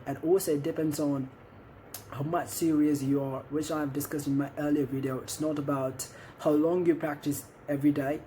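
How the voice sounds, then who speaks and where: An Indian English-accented man gives an encouraging lesson on picking up an accent, pausing to check in with his viewers. His voice sits a bit high yet sounds mellow and relaxed. A faint hiss of room noise runs behind him. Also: rough recording. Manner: encouraging, repeats "okay?" to check in. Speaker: accent coach. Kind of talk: instructional talk to camera.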